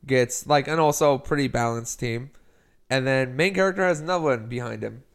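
Speaking fairly quickly at a medium pitch, this male podcast co-host chats casually as he rambles through a story recap. He also quotes lines from the characters.

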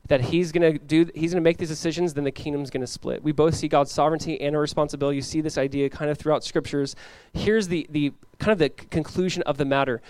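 A man's voice: a little high, no room sound. A man preaching an expository sermon as pastor, acting out the characters he talks about. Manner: animated, acts out biblical characters in quick voices.

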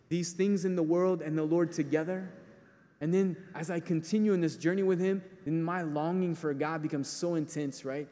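Preacher man in an echoing hall. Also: a little high. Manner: animated, acts out voices in quotes. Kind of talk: sermon.

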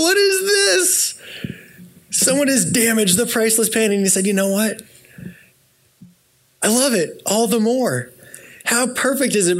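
Male preacher, fairly high voice, reflective sermon delivery, slows down on key words. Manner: reflective, asks listeners to picture things, slows down for emphasis. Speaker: pastor.

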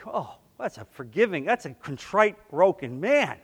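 Male pastor, high voice, emphatic sermon delivery, long hall reverb. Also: sing-song, moderate pace, few pauses. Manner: emphatic, swings between loud bursts and soft asides.

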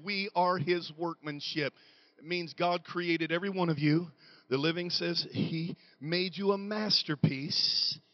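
A man, a pastor, preaching a sermon, telling a story quietly and then building to shouted exhortation. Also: high-pitched, dull audio.

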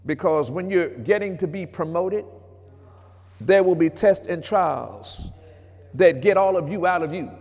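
High-voiced preacher man in a reverberant hall. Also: unhurried. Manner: preacherly, swings between hushed and shouted, talks back to congregation. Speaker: pastor. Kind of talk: sermon. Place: church sanctuary. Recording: long reverb of a church hall.

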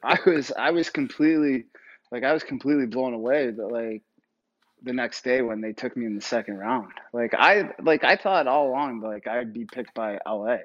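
A man, a former hockey goalie, answering interview questions in a relaxed way, filling his speech with "like" and "you know". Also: mid-range voice, normal speed, lo-fi sound. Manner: relaxed, filler-heavy with frequent "like". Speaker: retired hockey goalie, guest.

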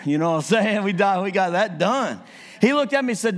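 A man preaching a sermon as a visiting evangelist, animated and acting out quotes in his stories. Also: high-pitched, moderate pace. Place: church. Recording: church sanctuary with long reverb.

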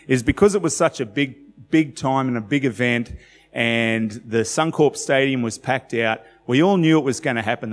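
Male pastor, 40s, Australian accent, conversational sermon delivery, recorded in a reverberant hall. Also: mid-range voice. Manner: conversational, asks the congregation questions.

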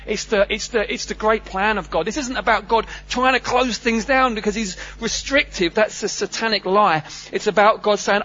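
A man's voice: high voice, moderate pace, hardly any pauses, sharp tone. A man preaching a sermon in an earnest, emphatic way, often restarting and repeating phrases. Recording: slightly dull sound with faint hum.

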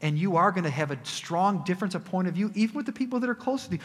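A man preaching a sermon as a pastor, swinging from loud emphatic peaks to quiet low asides. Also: animated, very fast, hardly any pauses, big-room sound.

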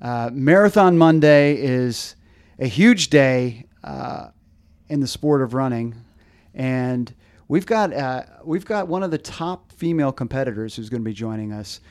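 A man's voice: mid-range voice, lively intonation, a little slow, darkish tone. A man hosting a running podcast, talking casually and often stumbling over fillers and restarts. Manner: hesitant, many fillers and restarts. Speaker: podcast host.

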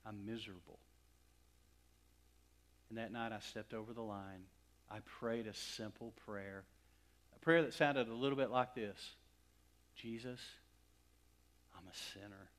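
A middle-aged man from West Texas preaching a sermon, swinging from loud emphatic lines to hushed near-whispers. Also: on the low side, fairly even intonation, unhurried, long pauses. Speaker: pastor.

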